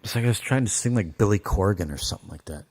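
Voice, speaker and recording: A man's voice: fairly low pitch, lively intonation, fast, darkish tone. A man talking casually through his mixing session on a live stream, rambling and thinking aloud with a self-deprecating streak. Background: faint music playback from his mix.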